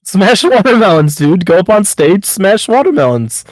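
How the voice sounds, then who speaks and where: A man with a slightly raised pitch chats on a casual podcast. He speaks bluntly, swears casually and keeps pressing his friend with pep-talk advice. The sound is close and dry. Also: sing-song, normal speed, no echo, low-quality recording. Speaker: podcast co-host.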